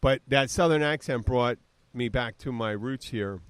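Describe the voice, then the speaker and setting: Rambling middle-aged podcast host, dry sound. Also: male voice, mid-range voice, moderate pace, clear, resonant tone, no echo. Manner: rambling, many restarts and fillers. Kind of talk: casual chat.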